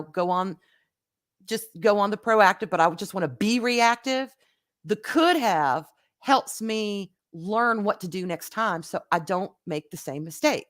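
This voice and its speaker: A woman speaks straight to her live viewers in a casual, heartfelt way. Her pitch sits in an ordinary middle range. She restarts and repeats words as her thoughts come. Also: fairly bright tone. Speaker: host of a live vlog.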